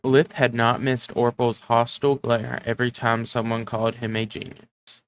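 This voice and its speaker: Man reading a novel aloud, halting. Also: medium pitch, little pitch movement, clear, resonant tone, rough recording. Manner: halting, rereads and corrects slips. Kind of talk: casual live reading.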